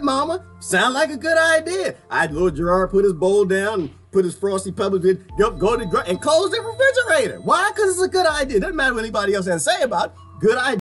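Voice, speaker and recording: This man's voice sits high as he reacts casually, sounding animated and a touch preachy. He keeps circling back to the same rhetorical questions.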